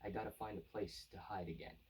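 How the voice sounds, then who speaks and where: A man reading the lines of a weakened male monster in his own husky voice, slow and muttered, recorded from a distance off the mic. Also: fairly low pitch, fairly even intonation, a little mellow. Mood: panicked.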